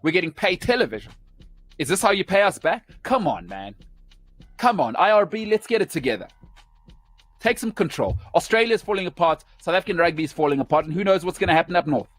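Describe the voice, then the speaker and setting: A man's voice: sits high, sing-song, brisk, faint music behind. A man hosting a sports show, delivering an opinionated rant in emphatic, punchy short phrases.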